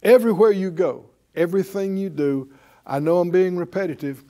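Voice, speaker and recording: A man's voice: high-pitched, a little fast, warm tone. A man preaching a sermon, emphatic and repetitive, leading his congregation in spoken affirmations. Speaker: preacher and Bible teacher. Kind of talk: sermon with call-and-response.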